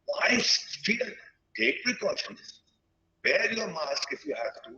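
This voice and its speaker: Earnest man in his sixties, lively high pitch. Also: rough recording. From India. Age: 60s. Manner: reflective, earnest, pauses often mid-sentence. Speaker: guest speaker at a teachers' webinar. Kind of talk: lecture-style talk.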